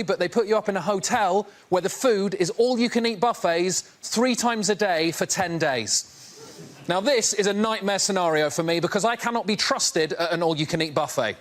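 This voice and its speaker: A man from England doing a self-mocking stand-up routine that builds to shouted punchlines. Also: high voice, fairly quick. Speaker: comedian.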